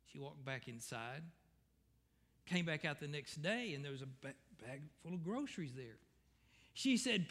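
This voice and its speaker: A pastor delivers a folksy, digressive sermon, circling back to correct himself as he goes. His voice is bright and sits a touch above the usual male pitch. The long reverb of a church sanctuary hangs behind him. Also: sing-song, moderate pace.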